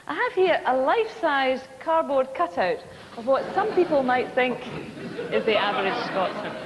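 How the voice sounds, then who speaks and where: A woman's voice: sits high, sing-song, normal speed, long reverb tail, a faint crowd, slight background noise, low-quality recording. A Scottish woman presenting a TV comedy show, delivering scripted links in a dry, wry way.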